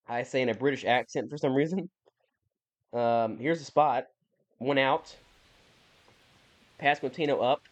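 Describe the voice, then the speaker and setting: A man's voice: mid-range voice, unhurried, long pauses. A young man giving casual, rambling commentary over a video game, often correcting himself and sounding mildly exasperated. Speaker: gaming YouTuber.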